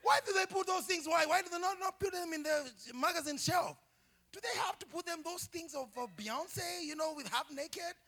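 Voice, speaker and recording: A man preaching a sermon as pastor, animated and humorous, often shouting and laughing. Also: very high-pitched, moderate pace. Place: church.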